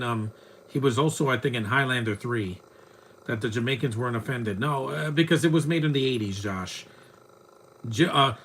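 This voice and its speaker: A man's voice: mid-range voice, fairly bright tone, slight background noise. A man giving casual live commentary on a movie, rambling and mocking what he sees on screen. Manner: rambling, chatty, mocking the film.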